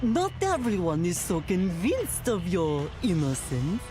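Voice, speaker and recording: A woman voicing a composed adult woman in a game who gives measured warnings. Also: fairly low pitch, huge pitch swings. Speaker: game character. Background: game music.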